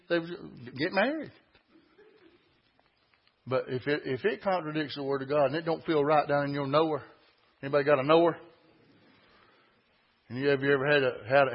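A man preaching a sermon, folksy and emphatic, building to loud peaks. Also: a little high, slightly rough, dull audio.

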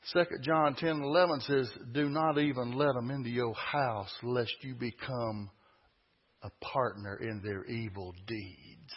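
A man preaching a sermon, folksy and emphatic, building to loud peaks. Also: medium pitch, a little slow, husky, lo-fi sound.

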